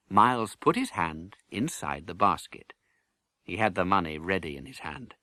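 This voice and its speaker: A man narrating a children's audiobook in an animated, expressive way. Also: deep voice, normal speed, no echo, clean studio sound. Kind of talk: storybook narration.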